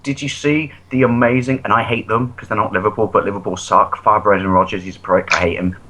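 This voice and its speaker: A man's voice: fairly low pitch, fairly even intonation, fast, bright, forceful tone, slight background noise, low-quality recording. An English man co-hosting a podcast, chatting casually in profane, jokey rants. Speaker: podcast co-host. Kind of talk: casual chat.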